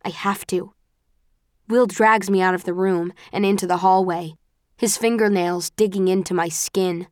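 Reading scripted first-person narration for an audiobook, this woman has a lowish voice and keeps her storytelling steady and measured. The recording is dry and studio quality.

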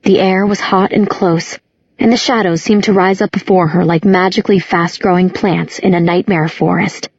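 A woman narrating an audiobook in a measured, descriptive manner. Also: on the low side, fairly even intonation, a little mellow, slightly rough, dry recording, highs cut off. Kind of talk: scripted narration.

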